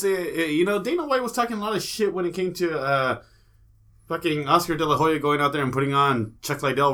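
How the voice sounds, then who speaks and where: Man, podcast co-host, bright tense voice, vulgar rambling jokes. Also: mid-range voice. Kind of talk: crude comedic chat about fighting.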